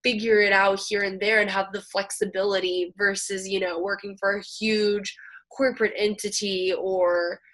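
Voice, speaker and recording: A woman's voice: mid-range voice, level tone, moderate pace, a bit bright. A woman co-hosting a podcast in casual chat, chatty and eager, laughing often. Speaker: podcast co-host.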